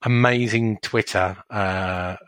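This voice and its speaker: A man's voice: on the low side, steady tone, takes it slowly, a bit bright, no echo. A man co-hosting a casual football podcast, talking in a dry, wry, teasing way. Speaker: podcast co-host.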